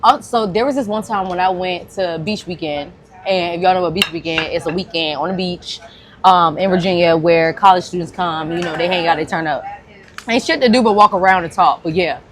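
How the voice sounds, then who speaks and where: A woman co-hosting a podcast from a restaurant, telling a story bluntly and profanely with animated quoted voices. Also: on the low side, a little fast, crowd noise. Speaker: podcast co-host. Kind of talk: casual storytelling chat. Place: busy restaurant.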